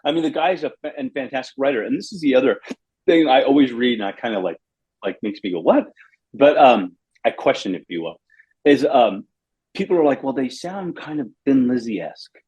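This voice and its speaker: A middle-aged man from Los Angeles, a bass player telling rambling, animated stories in a casual interview. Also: brisk, breathy edge. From Los Angeles, USA. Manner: rambling, animated anecdotes with acted quotes.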